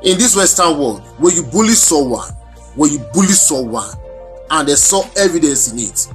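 A man's voice: a little high, sing-song, moderate pace, soft background music. A man with a Nigerian accent, co-hosting a talk show and arguing his points emphatically. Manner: argumentative, emphatic.

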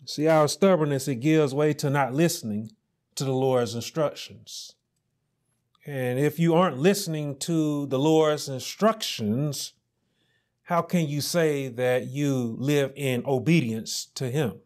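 A man preaching a sermon as pastor, slowly and emphatically, repeating key phrases and rising on scripture. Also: medium pitch, a little mellow.

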